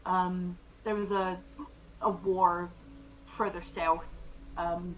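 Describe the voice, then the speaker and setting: A woman playing a tabletop role-playing game, speaking in character with hesitant pauses and fillers. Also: fairly low pitch, level tone, soft background music, rough recording.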